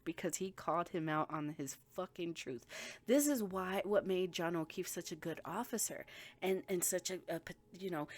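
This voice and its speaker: Blunt, profane woman with a lowish voice. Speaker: spiritual reader. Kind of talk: intuitive reading monologue.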